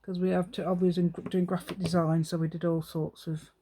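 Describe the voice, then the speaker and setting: A woman's voice: lowish voice, flat delivery, a little fast, warm tone, slight background noise. An English woman hosting a craft tutorial, chatting casually with self-mocking, rambling asides and frequent laughs. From England. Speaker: craft channel host.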